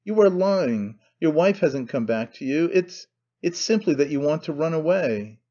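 Man putting on a nervous fussy man, shrill and stammering, dull lo-fi sound. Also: animated, moderate pace, warm tone. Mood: flustered. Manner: flustered, stammering protests.

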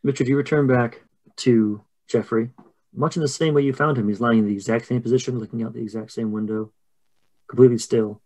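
A man running a tabletop horror game as game master, narrating in a relaxed way full of fillers. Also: medium pitch, fairly quick, poor audio.

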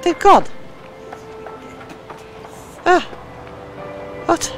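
Over game music, a British woman with a very high voice gives excitable let's play commentary, speaking very slowly while swearing and shrieking at what happens on screen.

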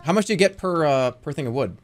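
A man's voice: on the high side, expressive, fast, soft background music. A man streaming a game, talking casually to chat, exasperated and swearing, often bursting into laughter.

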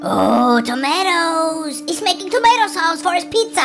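Very high-pitched, excitable reaction host. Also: moderate pace, creaky. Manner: gasping, exclaiming and giggling at clips; rhyming nonsense words. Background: music from the clips.

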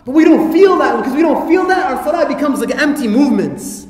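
Male lecturer, very high and fast, playful asides, long hall reverb. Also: lively intonation, a little mellow. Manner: rhetorical questions and playful asides. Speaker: Islamic lecturer. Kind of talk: lively religious talk to an audience.

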